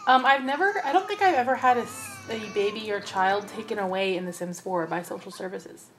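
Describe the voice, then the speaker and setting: A woman's voice: medium pitch, fairly quick, fairly bright tone, a little hiss or hum. A young woman giving casual, chatty commentary over her gameplay and talking to her game characters. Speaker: let's play host.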